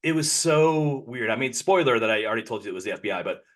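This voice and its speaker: A man's voice: mid-range voice, lively intonation, fast. A man co-hosting a podcast, telling a long personal story in a casual, rambling way and often correcting himself mid-sentence. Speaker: podcast co-host.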